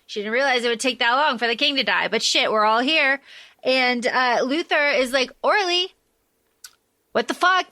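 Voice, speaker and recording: A woman's voice: on the high side, moderate pace, pushed and bright, dry recording, clean studio sound. A woman co-hosting a podcast, recapping a book's ending bluntly and swearing often. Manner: blunt, swears a lot, punchy delivery. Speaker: podcast co-host. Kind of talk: casual book recap chat.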